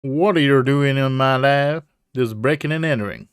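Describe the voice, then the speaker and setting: A man voicing a gruff, suspicious older male scientist with a Southern accent, drawing out his demanding questions. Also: medium pitch, normal speed, no echo, studio quality, close to an everyday voice. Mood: indignant.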